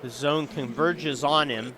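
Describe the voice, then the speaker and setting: A man calling live high school basketball play-by-play who gets louder on big plays. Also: takes it slowly, very noisy. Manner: rising excitement on big plays. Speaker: play-by-play announcer.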